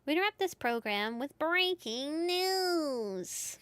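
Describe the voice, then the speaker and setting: A woman voicing a formal female TV news anchor in a video game, reading bulletins in a measured, official way. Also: high voice, lively intonation, a bit bright, no echo, voice pushed up, full character voice. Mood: grave. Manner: measured, official broadcast delivery.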